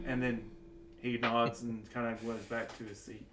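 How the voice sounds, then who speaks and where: A man's voice: mid-range voice, monotone, moderate pace, noisy background. A man narrating as a game master in a casual way, full of fillers and asides. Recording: echoey home setup.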